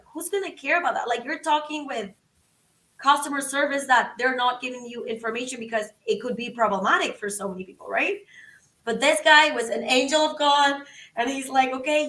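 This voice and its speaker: A woman guest on a podcast, telling a story in an animated, excitable way and acting out the quotes. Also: high voice, echoey room, distant mic, rough recording. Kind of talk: casual storytelling.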